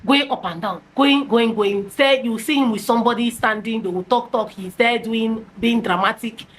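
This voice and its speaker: A Nigerian woman telling a personal story to her viewers in an animated, casual way, slipping into Pidgin with many restarts and fillers. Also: a little high, moderate pace, slight background noise, rough recording. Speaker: storytime vlogger.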